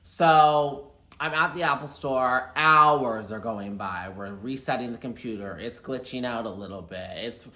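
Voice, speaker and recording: A young man chatting through a casual storytime vlog, animated and quick to quote people. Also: mid-range voice. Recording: echoey room.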